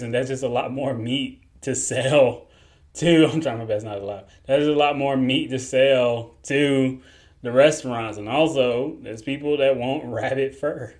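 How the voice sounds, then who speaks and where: A man talks loosely into his podcast mic, joking and stifling chuckles as he goes. His voice sits at an ordinary middle pitch. The delivery is relaxed and conversational, the sound of a host chatting on his own show. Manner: laid-back, joking, chuckles through lines. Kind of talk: casual solo podcast talk.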